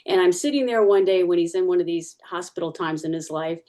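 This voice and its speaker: A woman's voice: on the low side, a little fast, warm tone. A woman giving a personal testimony in church, telling her story casually, with many fillers and restarts.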